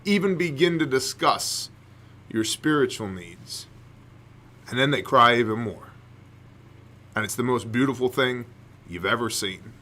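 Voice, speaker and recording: A man's voice: mid-range voice, pushed and bright. A man hosting a podcast, giving impassioned faith-based commentary full of rhetorical questions and emphatic repetition. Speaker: podcast host.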